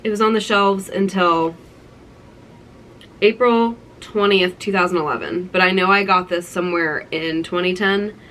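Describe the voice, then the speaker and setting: A woman's voice: lowish voice, fairly even intonation, moderate pace, a bit bright, slight background noise, poor audio. A young woman in her twenties talking through a keepsake collection, gushing and nostalgic, with lots of "like". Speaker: vlogger. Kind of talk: casual show-and-tell vlog.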